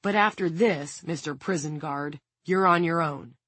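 A man's voice: fairly high pitch, measured pace, sharp tone, husky, dry recording, heavily acted. A woman voicing a cool, calculating male insurance man with a dry, clipped manner. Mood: musing.

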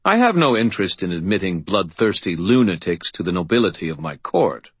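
Cold commanding vampire king, deep husky voice, narrator putting him on, audiobook. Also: very animated, a little fast, no room sound, exaggerated voice. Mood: imperious. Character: imperious, angry male vampire king.

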